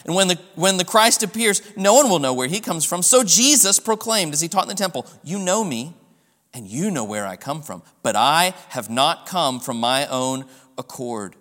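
A man preaching a sermon in a church, his voice sitting high. He presses his points with strong, rising emphasis. A long reverb trails each phrase. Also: lively intonation, normal speed, a bit bright. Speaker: pastor.

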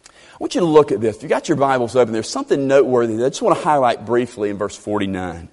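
A man preaching an expository sermon, emphatic and animated, repeating phrases for stress. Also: medium pitch, quick pace. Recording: long reverb of a large hall.

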